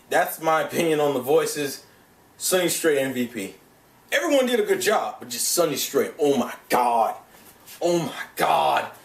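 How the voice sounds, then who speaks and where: Young guy ranting hyped and sweary, kinda high voice, echoey room, mic a bit far off. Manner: profane, animated, gushing with restarts. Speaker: vlogger reviewing an anime dub. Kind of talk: casual excited rant.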